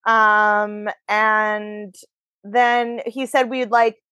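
A woman's voice: mid-range voice, flat delivery, drawn-out words, sharp tone, clear, resonant tone, no echo, dull audio. A woman hosting a podcast, chatting frankly and casually about her dating life. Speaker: podcast host. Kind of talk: casual chat. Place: New York.

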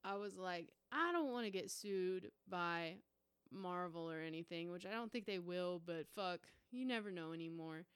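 A young woman from the United States hosting her own podcast, telling a story in a casual, profane, animated way. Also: on the low side, moderate pace, clean tone, dry recording. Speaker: podcast host.

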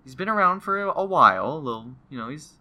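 A young man co-hosting a casual chat about comics and movies, animated and acting out characters in goofy voices. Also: a little high, fast. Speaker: podcast co-host.

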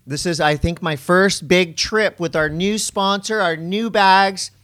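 Man, podcast co-host, joking banter, slightly high pitch. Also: steady tone, a little slow, a bit bright. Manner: joking, teasing.

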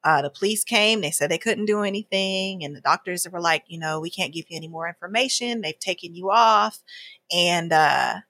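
A woman with a bright, crisp tone recounts events in a lively, conversational way. She acts out the voices of people in her story, and the sound is dry and close. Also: on the low side, normal speed, dry recording. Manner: animated, acts out quoted dialogue with frequent laughs. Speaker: guest telling her story.

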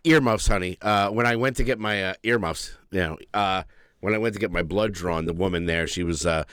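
A middle-aged man hosting a podcast, joking crudely and telling stories with animated swings. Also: deep voice, fairly quick, clean tone, dry recording, clean studio sound. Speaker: podcast host. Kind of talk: casual chat.

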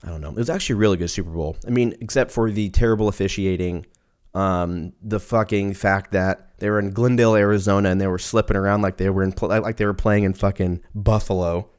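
Young man, low-pitched, casual solo talk, profane, rambling. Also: steady tone, quick pace, darkish tone, smooth.

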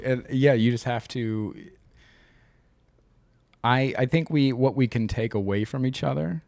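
A man's voice: medium pitch, measured pace, vocal fry, long pauses, a little mellow, dry recording, clean studio sound. A man in his thirties co-hosting a podcast in casual chat, loose and swearing, acting out quoted lines. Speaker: podcast co-host.

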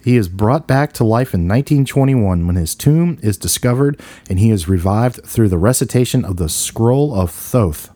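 Low, dark-voiced man hosting. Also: expressive, moderate pace, few pauses, dry recording. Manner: playful, jokey, teasing. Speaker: podcast host. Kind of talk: casual banter and film rundown.

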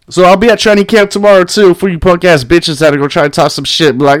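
A man hosting his own podcast, ranting at his critics with constant swearing and mocking laughter, high on weed. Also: fast talker, dry recording. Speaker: podcast host. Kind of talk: profane solo podcast rant.

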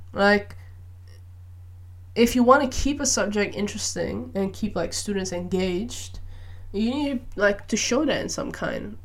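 Chatty young woman in a casual monologue. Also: medium pitch. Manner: chatty, animated, frequent "like" fillers. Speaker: podcast host. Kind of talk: casual solo chat.

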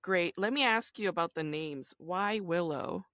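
Low-voiced affirming woman interviewer. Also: a little slow, a bit bright, no echo, studio quality. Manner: enthusiastic, affirming, reflective. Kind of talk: casual interview chat.

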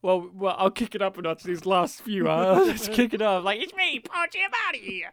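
A man's voice: high-pitched, moderate pace, dry recording. A man co-hosting a podcast in casual chat, joking, laughing often and slipping into silly impressions. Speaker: podcast co-host.

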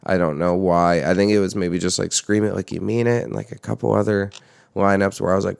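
A young man in casual chat about music, talking loosely with swearing and jumping up in pitch when he quotes himself. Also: fairly even intonation, brisk, vocal fry, a little mellow, smooth, dry recording, clean studio sound.

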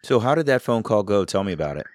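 A man hosting an interview, asking questions and reacting in an unhurried, responsive way. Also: fairly low pitch, sing-song, dry recording, studio quality. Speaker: podcast host.

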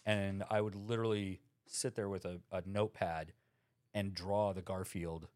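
A man with a fairly low voice chats casually on a podcast, loose and rambling, tossing in fillers as he goes. He is recorded close and dry, with no room sound around him. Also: steady tone, normal speed, darkish tone, no echo. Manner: laid-back, rambling with fillers. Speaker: podcast co-host, tattoo artist. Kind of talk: casual chat.

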